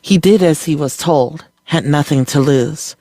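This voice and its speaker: A reader narrating a story in a calm, measured way. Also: medium pitch, dry recording.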